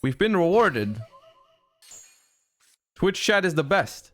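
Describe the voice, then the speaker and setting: A man streaming a card game live, thinking his plays through out loud, with sudden excited outbursts. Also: sits high, takes it slowly, no echo, soft background music. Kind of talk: live-stream gameplay commentary.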